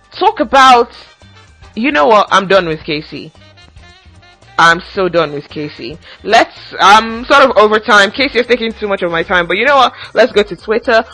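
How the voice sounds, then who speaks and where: A woman's voice: fairly high pitch, a bit bright, rough recording. A young woman hosting a casual commentary podcast, ranting with sassy asides and recapping reality show gossip. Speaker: podcast host.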